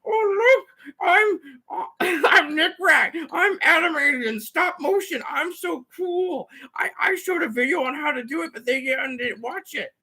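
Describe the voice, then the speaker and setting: Brief: shrill show-off rival host, whiny and bragging, high and bright, a man mimicking him. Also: a little slow, exaggerated voice. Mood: mocking. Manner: high-pitched, whining mockery.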